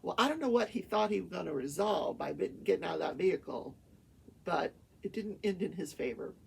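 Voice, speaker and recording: A woman's voice: lowish voice, creaky, darkish tone, a little hiss or hum. An older woman hosting a talk show, chattily retelling courtroom testimony in casual storytelling with her own asides. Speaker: talk show host and retired attorney. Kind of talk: casual storytelling recap of a trial.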